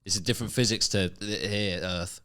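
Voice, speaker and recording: A man with a bright, forward voice pitched a little low, co-hosting a comedy debate podcast. He needles his partner with quick teasing quips in casual banter. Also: steady tone.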